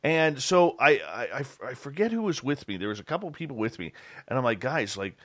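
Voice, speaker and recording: A man hosting a radio interview, chatting in a lively way and laughing along. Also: mid-range voice, brisk, a crowd in the background. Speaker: radio show host. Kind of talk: casual radio interview chat.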